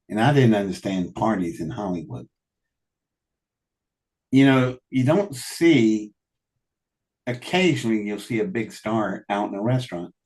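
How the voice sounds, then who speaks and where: A man telling animated anecdotes in a casual conversation, often laughing and quoting what people said. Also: fairly low pitch. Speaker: guest telling stories. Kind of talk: casual storytelling.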